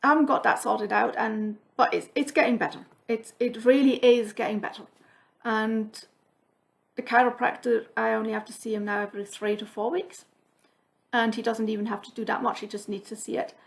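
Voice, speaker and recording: A woman's voice: a little high, fairly even intonation, fairly quick, vocal fry. A woman vlogger telling a story in casual chat, laughing often and quoting what others said. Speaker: cross-stitch vlogger.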